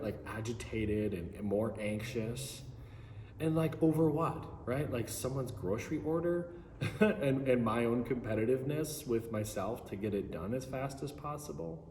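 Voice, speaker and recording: Male pastor, animated storytelling sermon with lots of asides, recorded in an echoey church hall with long reverb. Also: medium pitch, moderate pace, slight background noise. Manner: animated, conversational, many "like" and "right?".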